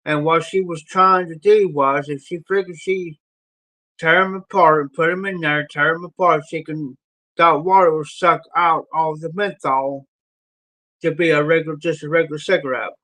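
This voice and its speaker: A middle-aged man telling a rambling, folksy story on a live stream, with pauses and restarts. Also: fairly high pitch, fairly even intonation, bright, forceful tone, poor audio. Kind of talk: casual spoken storytelling.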